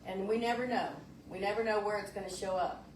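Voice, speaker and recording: A woman's voice: mid-range voice, fairly even intonation, brisk, slight background noise. A woman minister giving a conversational sermon in a folksy, searching way, often restarting her phrases. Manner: folksy, searching, repeats words when restarting. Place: church sanctuary. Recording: roomy church sound from a distant mic.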